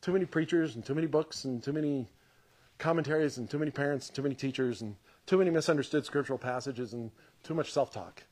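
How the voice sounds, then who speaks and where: A man's voice: mid-range voice, fast talker, darkish tone. A man preaching a podcast sermon in a conversational, emphatic way, repeating his points and laughing often. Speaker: pastor.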